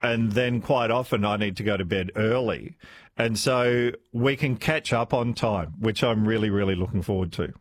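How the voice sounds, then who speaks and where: A man's voice: lowish voice, moderate pace, no room sound, clean studio sound. A man hosting talkback radio, chatting with callers in a laughing, friendly way. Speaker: radio host.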